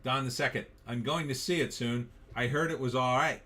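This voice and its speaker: A man's voice: medium pitch, moderate pace, sharp tone. A middle-aged man hosting a casual live stream, reading viewer comments aloud and riffing on them in a wry, offhand way.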